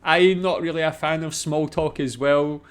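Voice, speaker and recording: Scottish man, casual reaction chat, slightly high pitch, repeats words slowly. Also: steady tone, smooth. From Scotland. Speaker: reaction video host.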